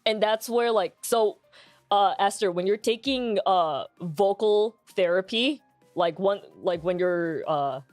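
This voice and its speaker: A woman's voice: slow, dry recording, soft background music. Woman streamer with grounded full voice. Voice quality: full, grounded low-set speaking voice. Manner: relaxed and candid, many fillers, laughs often. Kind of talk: casual chat stream.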